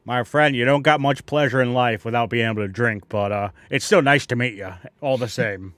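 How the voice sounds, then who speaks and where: A man's voice: mid-range voice, brisk, fairly bright tone, no room sound, close to an everyday voice. A man voicing a big, friendly male orc barkeeper with a Boston accent, talking in a brash, streetwise way. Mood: gruff.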